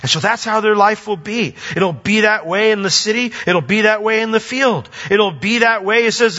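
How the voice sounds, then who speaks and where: A man preaching a sermon as pastor, animated, jumping from emphatic high points to quiet low asides. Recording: dull lo-fi audio with long reverb.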